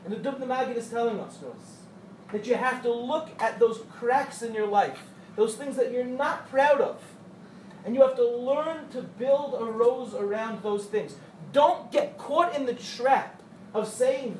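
High-voiced man telling Torah stories. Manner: animated storyteller who acts out quotes and jokes with the audience. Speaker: Torah teacher addressing young women. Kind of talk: storytelling Torah class. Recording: echoey room, distant mic, faint hum.

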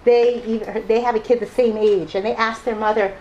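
A woman's voice: fairly high pitch, flat delivery, brisk, dark tone, dull audio, a little hiss or hum. A mother telling personal stories to a live audience, laughing often and acting out the people she quotes. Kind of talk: personal storytelling talk.

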